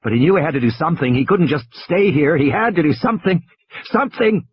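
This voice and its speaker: A man's voice: a little high, expressive, fast, muffled recording, a little hiss or hum. A man narrating an audiobook with a tense, dramatic delivery.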